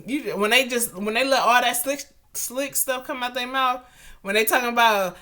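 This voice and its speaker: A woman co-hosting a podcast in casual chat, talking in an animated, slangy, teasing way. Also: fairly high pitch, moderate pace. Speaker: podcast co-host.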